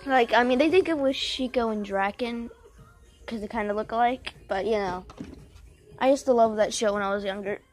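A woman's voice: a little high, moderate pace, faint music behind. A woman rambling and joking in a scattered, silly way while making a casual video. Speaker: video maker. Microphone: headphones on, yelling at times. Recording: noisy hiss behind voice.

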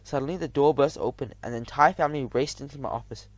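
A man narrating a children's audiobook in the first person, lively and expressive. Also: mid-range voice, quick pace, no room sound.

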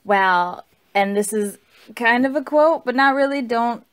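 A woman's voice: a little high, measured pace, clean tone. A tipsy woman rambling through a casual, profane book review and correcting herself as she goes.

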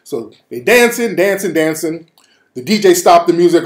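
Brief: lively, high-pitched male host telling funny stories, echoey room. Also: normal speed, a little hiss or hum. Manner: animated, profane, laughing. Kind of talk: comedic storytelling. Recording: roomy echo.

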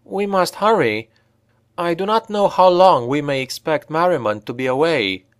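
A man's voice: on the high side, animated, normal speed, clean tone, no echo, voice pushed up, lightly acted. A man voicing a solemn, formal elven woman who leads the way. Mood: grave urgency. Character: grave elven woman guide.

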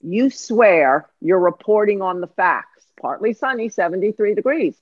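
A woman's voice: medium pitch, normal speed, hardly any pauses, dry recording, phone-quality sound. Emphatic middle-aged woman life coach. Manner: emphatic, lively, acts out voices. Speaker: executive life coach, podcast guest. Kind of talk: animated teaching in conversation.

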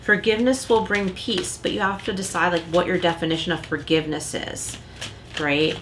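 Casting: a lower-pitched woman for a friendly tarot reader, talks casually, a faint hiss behind her. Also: steady tone, moderate pace, a bit bright. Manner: chatty, lots of likes and rhetorical rights; acts out little quoted lines. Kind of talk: casual tarot reading talk.

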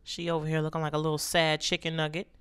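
Woman, let's play host, sassy joking commentary, slightly low voice. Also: completely flat delivery, fast, fairly bright tone, clear, resonant tone, no room sound. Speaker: gaming channel host.

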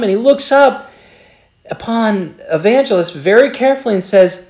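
A man leading a Bible study and retelling a story in an earnest, halting way, often repeating words as he restarts his sentences. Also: sits high, animated, darkish tone, echoey room. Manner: earnest, slows down for emphasis.

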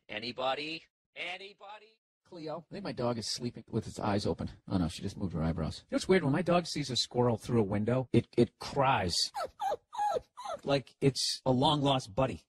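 Profane husky-voiced man riffing solo. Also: medium pitch. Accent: Boston. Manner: profane, sarcastic, talks to his dog. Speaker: podcast host. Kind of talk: rambling comic monologue.

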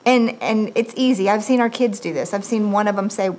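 A woman co-leading a conversational sermon, affirming and quick to agree with her partner. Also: medium pitch, darkish tone.

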